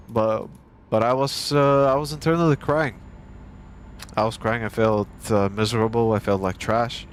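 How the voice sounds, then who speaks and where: A man's voice: mid-range voice, steady tone, moderate pace, a little hiss or hum. A young man from Bulgaria, a streamer, ranting casually and profanely with a heated, mocking manner.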